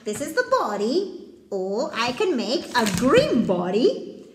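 A woman teaching a craft lesson to small children, speaking in a cheerful, sing-song way, slowly and clearly. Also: fairly high pitch, wildly swooping pitch, roomy sound, faint music behind.

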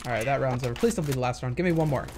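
A man's voice: medium pitch, very fast, noisy background. A young man casually commenting on gameplay footage, thinking aloud and hesitating with many fillers. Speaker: gaming commentator.

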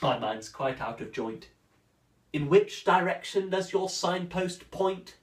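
A man's voice: high voice, animated, takes it slowly. An actor playing a proud, witty swordsman who mocks a rival in a declamatory, theatrical verse monologue. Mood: mocking. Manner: declamatory, mocking, sweeping swings of voice. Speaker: stage actor performing a monologue. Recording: roomy echo, distant from the mic.

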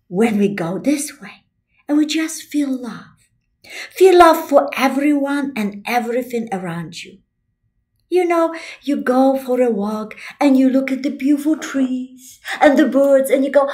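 A woman hosting a casual motivational self-help talk, repeating her points and swinging between soft, near-whispered lines and excited bursts. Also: sits high. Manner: lively, repetitive, swoops between soft and excited. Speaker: self-help video host.

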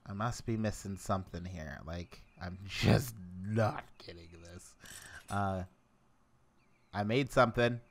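A young man mutters his way through a game, his voice sitting deep and low. He talks at an unhurried, drawn-out pace and chuckles at his own confusion. It is casual let's play commentary, rambling and self-directed. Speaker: gameplay commentator.

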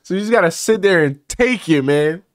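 A man's voice: high-pitched, animated, normal speed. A man streaming his reaction to a roast clip, casually joking, laughing and repeating phrases in slang.

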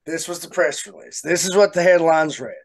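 A man co-hosting a podcast, telling a long story in a casual, animated way and laughing often. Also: on the high side, brisk, no echo. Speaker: podcast co-host.

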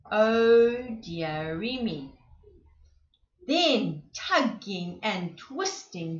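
A woman preschool presenter reading a rhyming picture book to young children, animated and often asking them questions. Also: on the high side. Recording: echoey room, slightly dull sound.

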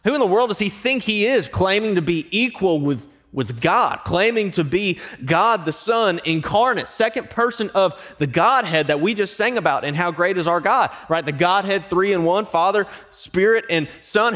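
A man preaching a sermon in a higher, very lively voice that swings from bright, quick-fire questions to quiet, weighty emphasis. He acts out quoted voices and asks the congregation direct questions. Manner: animated preaching that drops to hushed, emphatic lines. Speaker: pastor.

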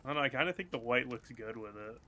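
A man's voice: mid-range voice, quick pace, bright, forceful tone. A man casually chatting and joking in slang while playing a co-op game with a friend. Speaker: gaming channel host. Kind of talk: casual co-op gaming chat. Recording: noisy game audio behind voice.

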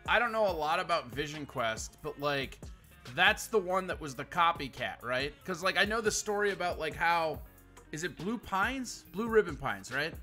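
Brash Minnesotan man, bright forceful voice, profane and teasing, casual podcast chat. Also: on the high side, expressive, normal speed, faint music behind. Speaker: podcast co-host.

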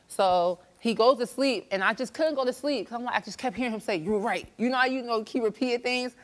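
A woman's voice: fairly high pitch, fast. A woman guest on a talk show, animatedly retelling a relationship fight on a studio stage. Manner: animated storytelling, acting out quarrels.

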